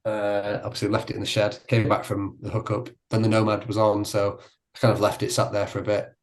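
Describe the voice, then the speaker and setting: A fast-talking man, a podcast guest, rattles through a story in casual chat. His voice sits a bit low, and he swears freely and laughs as he goes. The delivery is loose and animated.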